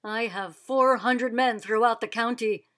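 A woman's voice: on the high side, fairly even intonation, unhurried, a bit bright. A woman voicing a stern father who commands a militia, speaking firmly. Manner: firm, commanding.

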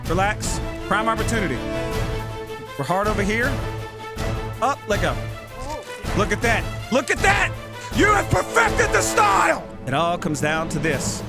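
A man giving excitable, profane gameplay commentary, yelling at and coaching his game character. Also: sits high. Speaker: let's play gamer.

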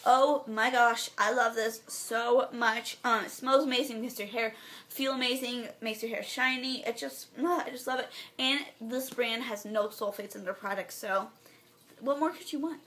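A woman's voice: fairly high pitch, fairly even intonation, measured pace. Bubbly, gushing teenage girl vlogger. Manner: often trails off into a soft, near-whispered aside. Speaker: beauty vlogger. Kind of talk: casual favorites vlog.

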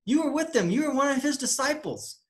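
A man voicing a suspicious bystander who accuses someone in a high, pressing voice. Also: expressive, brisk. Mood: accusing.

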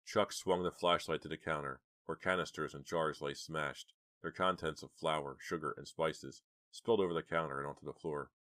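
A man narrating a horror audiobook in a steady, measured way. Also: extremely low pitch, no echo, studio quality.

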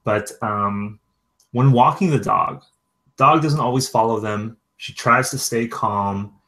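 A man's voice: mid-range voice, slow pace, bright, forceful tone. A man hosting a podcast, asking a guest questions and reading out listener questions with hesitant fillers. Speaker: podcast host. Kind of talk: interview questions.

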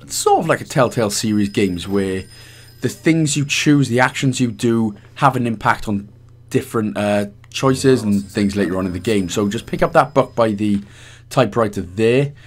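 With a fairly low voice at normal speed and hardly a pause, a Welsh gaming guide host talks through a walkthrough in casual commentary. His style is chatty, meandering and self-deprecating.

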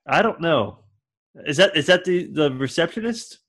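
A man co-hosting a casual movie commentary podcast, reacting excitedly to what's on screen. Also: on the high side, moderate pace. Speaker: podcast co-host.

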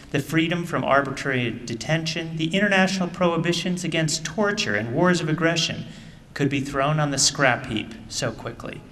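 Gravelly man in an echoey theater. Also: mid-range voice, fairly bright tone, a little hiss or hum. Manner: reads in measured tones, then tells a story casually with fillers. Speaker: author reading and speaking at a book event. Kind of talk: book reading, then telling an anecdote. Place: theater stage. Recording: distant mic in a reverberant theater hall.

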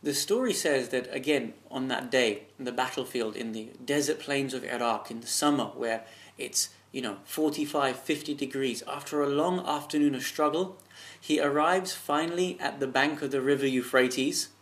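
A man's voice: mid-range voice, moderate pace, a bit bright. A man giving an earnest, impassioned religious talk, telling a story and asking rhetorical questions. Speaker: religious speaker.

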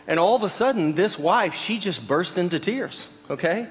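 Conversational pastor preaching in a reverberant church. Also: male voice, high voice, normal speed, hardly any pauses. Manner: conversational storytelling, many fillers, asks the audience. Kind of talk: sermon. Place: church sanctuary. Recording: long reverb of a large hall.

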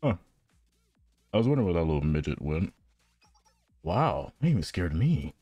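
Brief: young male gaming host, deep and animated, playful and giggly, dry mic. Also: normal speed, pauses often, husky, no room sound, soft background music. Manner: playful, giggly, reacts out loud. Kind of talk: gameplay commentary.

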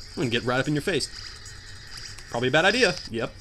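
Animated young man yelling over gameplay. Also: mid-range voice, fast, faint music behind. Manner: animated, jokey, yells in frustration at the game. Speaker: gameplay commentator. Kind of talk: let's play commentary.

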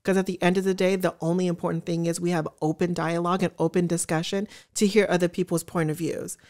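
Woman, reaction vlogger, casual chat to camera, earnest, chatty, emotional, a bit low-pitched. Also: flat delivery, quick pace, a little mellow. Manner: earnest, chatty, addresses viewers directly; emotional, gushing.

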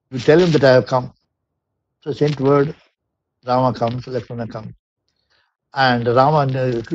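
A man with an Indian English accent gives a spiritual discourse, reciting Sanskrit verses and explaining them in English, often restarting his sentences. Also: mid-range voice. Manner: frequent restarts and repetitions. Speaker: satsang speaker. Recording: dull lo-fi dry recording.

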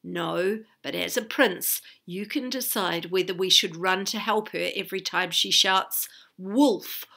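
A woman's voice: mid-range voice, unhurried, vocal fry, hardly any pauses, pushed and bright, full character voice. A woman doing exasperated storybook townsfolk. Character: crowd of fed-up townsfolk. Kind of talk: storybook read-aloud.

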